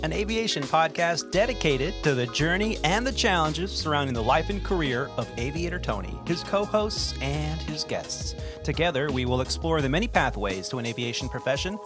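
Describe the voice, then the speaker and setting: A man in his forties hosting from a home studio, telling stories in an animated way with plenty of laughter. His voice sits a little higher than most men's, and music plays underneath. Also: normal speed, few pauses. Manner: animated storyteller who laughs often. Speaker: podcast host and airline pilot. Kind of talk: casual storytelling and scripted show intro.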